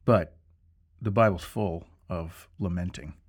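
A man with a very deep, husky voice talks reflectively in a relaxed podcast chat. He mostly backs up his co-host and adds his own thoughts. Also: takes it slowly. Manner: reflective, supportive listener. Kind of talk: conversational podcast talk.

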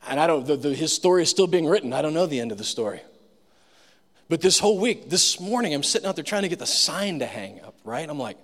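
A man's voice: a little high, sing-song, fast, a bit bright. A man preaching a sermon as pastor, telling personal stories in a casual, self-deprecating way. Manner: conversational storytelling, self-deprecating humor. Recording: long reverb of a large room.

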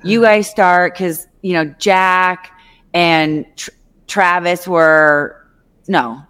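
A woman's voice: lowish voice, steady tone, drawn-out words, a bit bright, smooth. A woman hosting a casual interview, chatting eagerly with her guest and swearing now and then. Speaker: podcast host.

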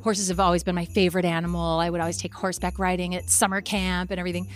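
A woman's voice: lowish voice, little pitch movement, racing, soft background music. A woman co-hosting a podcast, telling a personal story in casual chat and acting out her parents' lines. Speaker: podcast co-host.

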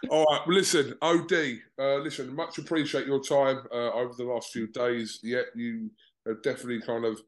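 A man's voice: mid-range voice, level tone, moderate pace. A man interviewing a boxer remotely, easygoing and polite as he steers the talk.

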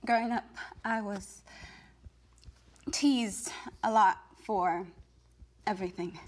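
A woman's voice: medium pitch, slow. A woman speaking earnestly and reflectively in a confessional interview clip from a reality show, heard from a distance.

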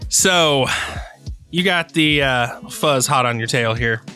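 Brief: male game master, unhurried narration, bright tone, faint music underneath. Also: mid-range voice. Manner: slow, laid-back narration with laughs and asides.

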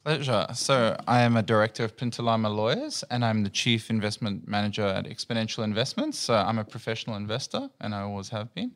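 A man answering as a podcast guest in a calm way with brief replies. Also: on the low side, quick pace, few pauses. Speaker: guest, investor. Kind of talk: casual interview.

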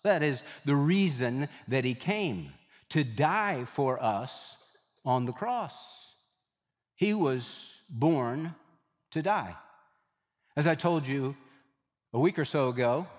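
A man's voice: a little high, darkish tone. Man preaching in a reverberant hall. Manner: emphatic, repeats key phrases for effect. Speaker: pastor. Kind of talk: sermon.

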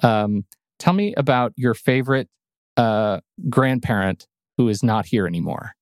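A man co-hosts a podcast in relaxed chat, teasing his partner and talking in quick bursts. His voice sits at an ordinary middle pitch. The sound is dry and close, with no room echo. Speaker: podcast co-host. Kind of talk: casual chat.

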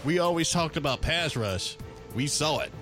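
A man's voice: fairly high pitch, lively intonation, moderate pace, over music. A man hosting a casual sports chat show, laid-back and joking. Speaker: podcast host.

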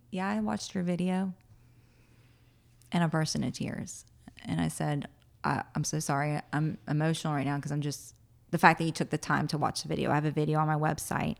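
A woman in her thirties, a podcast guest, telling a personal story with animated voices for her past self and frequent laughter. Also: sits low, brisk, creaky. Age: 30s. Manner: animated, acts out her own past words, laughs often. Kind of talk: emotional personal storytelling in an interview.

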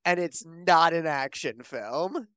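A man's voice: on the high side, slow, fairly bright tone, no echo, clean studio sound. A man co-hosting a movie podcast, wry and opinionated, swearing casually.

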